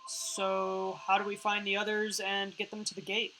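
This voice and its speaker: A woman's voice: medium pitch, normal speed, faint music behind, low-quality recording. A woman streamer reading a story game aloud and chatting about it in a playful way. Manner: playful, chatty, reacts with excitement.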